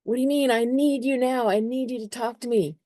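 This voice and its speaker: A woman's voice: steady tone, a little fast, no echo, close to an everyday voice. A clingy nurturer that begs to help and comfort, as a woman acts it out with her voice lifted. The tone is doting and pleading. It sounds dry and close. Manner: eager, pleading, higher and louder.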